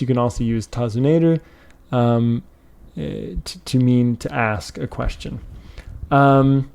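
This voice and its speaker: A man giving a casual grammar lesson, explaining word by word in a relaxed way with many fillers and restarts. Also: medium pitch. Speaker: language teacher.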